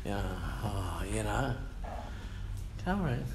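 Older Australian male pastor, slangy testimony preacher, slow delivery, echoey church room. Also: lowish voice, sing-song, vocal fry, slight background noise. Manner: colloquial, slangy, emphatic storyteller. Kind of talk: storytelling sermon testimony.

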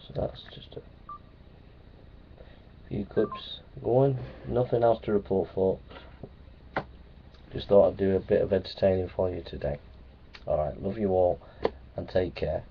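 A man's voice: low voice, a little slow, pauses often, noisy background. A man talking casually to his viewers in a rambling, playful way. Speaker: vlogger. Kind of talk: casual vlog talk. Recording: tinny phone-like sound.

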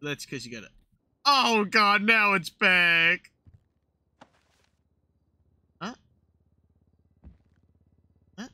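A young man streaming in-character role-play chat, excitable and prone to loud exclamations. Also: sits high, slow, smooth, no room sound.

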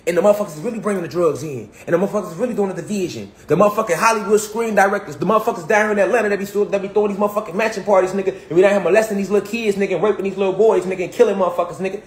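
A man launches into a profane, impassioned rant, hammering the same points again and again. His voice sits high and the words tumble out quickly. The room gives his voice a roomy, echoing ring. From Chicago. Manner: emphatic, profane, repetitive street talk. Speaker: commentator.

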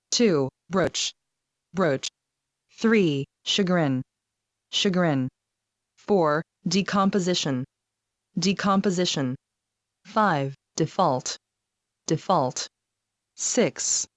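A woman with a slightly low voice reads out a word list at a very slow, careful pace, saying each word twice. The sound is dry and close, with no room around it. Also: no room sound. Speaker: vocabulary reader.

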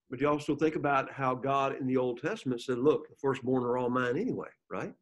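A man's voice: medium pitch, fairly quick, hardly any pauses. A man teaching a Bible lesson to a class, reading scripture aloud and asking the group questions. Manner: asks the class questions, reads scripture aloud with rising emphasis.

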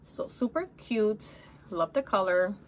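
A middle-aged woman with Spanish-accented English chats upbeat through a shopping haul, calling viewers "honey." Her mid-range voice is animated and a little slow, with a faint hiss or hum in the recording.

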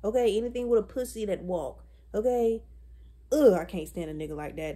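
A young woman in her twenties chats on camera in a blunt, profane, animated way. Her voice is husky, with a dark, mellow tone. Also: on the low side, brisk. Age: 20s. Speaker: vlogger. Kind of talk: casual chat.

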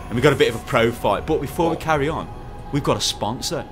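A man's voice: fast talker, over music. A man casting a strategy game match, joking around and laughing. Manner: jokey, bursts into laughter and high-pitched yelps. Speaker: esports commentator. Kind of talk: playful game commentary.

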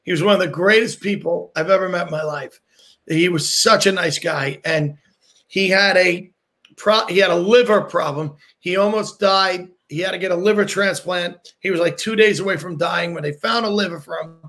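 Male comic in casual talk, high and bright, lively storyteller who acts out dialogue. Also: moderate pace. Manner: animated storyteller, swears, acts out quotes. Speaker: comedian guest.

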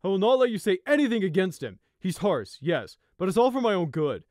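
A man's voice: fairly high pitch, big pitch swings, normal speed, no room sound, clean studio sound, voice pushed up. A man voicing a harsh zealous young buck. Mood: angry. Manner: loud, forceful and clipped. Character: hardened young male deer, zealous and harsh.

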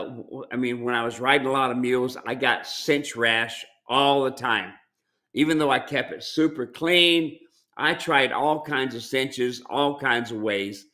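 A man's voice: medium pitch, a bit bright. A middle-aged man who owns a mule ranch, talking casually with viewers in a folksy way, often stumbling over and repeating words. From United States. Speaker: mule ranch owner and trainer. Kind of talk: casual live-stream Q&A.

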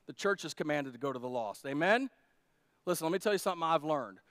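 A male pastor preaching a sermon, animated and humorous, jumping between loud emphasis and quiet asides to his congregation. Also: high voice, dry recording, clean studio sound. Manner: humorous, talks directly to the congregation.

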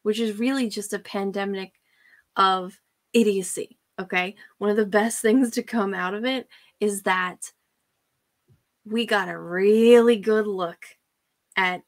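A woman's voice: mid-range voice, steady tone, measured pace. A woman hosting her own channel, ranting profanely with scornful, sarcastic mockery and frequent laughter. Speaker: channel host.

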